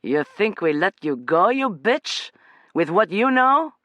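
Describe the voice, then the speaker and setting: A man's voice: high-pitched, sing-song, slow pace, sharp tone, dry recording, lo-fi sound, voice pushed up, exaggerated voice. A man doing a cruel, menacing soldier.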